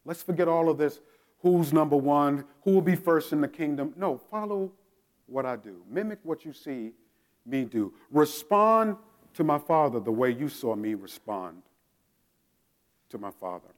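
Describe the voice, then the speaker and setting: A middle-aged male pastor preaching a sermon. He moves from a quiet prayer into lively storytelling and calls out loud military commands. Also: fairly high pitch, a little slow. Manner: prays softly, then tells stories with shouted drill commands.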